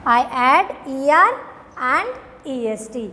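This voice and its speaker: Woman, teacher, high voice, slow deliberate delivery, reverberant room. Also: animated, pushed and bright, a little hiss or hum. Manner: slow, drawn-out, addresses children often. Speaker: school teacher. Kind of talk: recorded grammar lesson for children.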